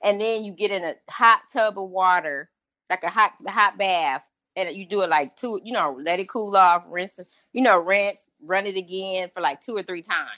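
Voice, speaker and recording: A woman in her thirties as an interview guest, telling her story casually in an excitable, animated way and acting out what people said. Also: mid-range voice, normal speed, no echo. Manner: excitable, animated, acts out quotes.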